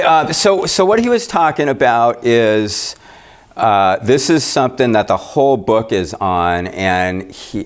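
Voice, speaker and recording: Deep-voiced pastor chatting casually. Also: male voice. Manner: chatty, rambling, self-deprecating. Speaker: pastor leading a Bible study. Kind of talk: casual class discussion.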